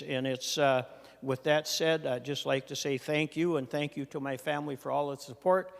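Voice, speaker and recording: A man's voice: a little high, creaky. An older man from Minnesota, a retiring state senator, giving a farewell floor speech with folksy storytelling and dry humor. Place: legislative chamber. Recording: long reverb of a large chamber.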